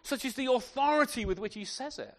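A man's voice: extremely high pitch, expressive, a little fast, fairly bright tone. A man preaching a sermon, emphatic and full of rhetorical questions, sometimes speaking to the children. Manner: addresses children in the congregation.

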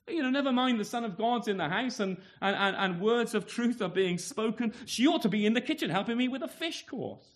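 A man's voice: very high voice, lively intonation, a little fast, few pauses. A man preaching a sermon in a conversational way, asking tag questions and acting out the scene. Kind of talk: expository sermon.

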